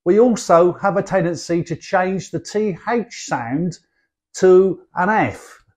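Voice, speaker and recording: A man's voice: high voice, slow pace, darkish tone. A man from London with a Cockney accent, a guest chatting in a friendly way and calling the host "love". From London, England. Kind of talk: explaining in a friendly chat.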